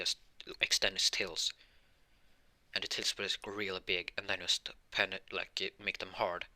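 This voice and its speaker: A man improvising a fan-fiction story out loud, rambling and halting with many restarts and self-corrections. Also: low-pitched, flat delivery.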